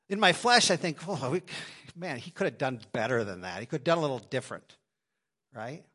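A man preaching a sermon to his congregation in a church, swinging between loud emphasis and quiet asides. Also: medium pitch, big pitch swings, a little fast, husky. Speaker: pastor. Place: church sanctuary.

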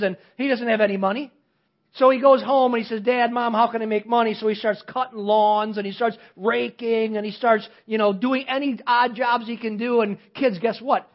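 A man preaching a sermon, telling an illustrative story earnestly with frequent restarts and hushed drops at key points. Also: extremely high pitch, steady tone, fairly quick. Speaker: pastor. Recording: slightly dull lo-fi sound.

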